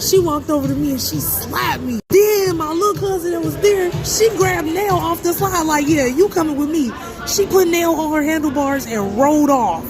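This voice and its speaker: High-voiced woman telling a profane story. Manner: slangy, profane, animated. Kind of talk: casual storytime vlog.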